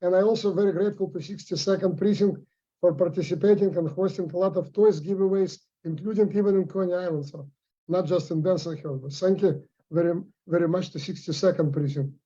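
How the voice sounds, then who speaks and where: High-voiced man with dull, muffled audio. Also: brisk, dark tone. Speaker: city councilman. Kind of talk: public meeting remarks.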